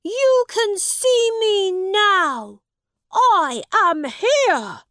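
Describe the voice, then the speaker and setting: A woman's voice: very high voice, expressive, very slow, bright, forceful tone, no room sound, pitched above the performer's own voice, exaggerated voice. A woman voicing a desperate young boy prince in rags, insisting and close to tears. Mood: angry pleading.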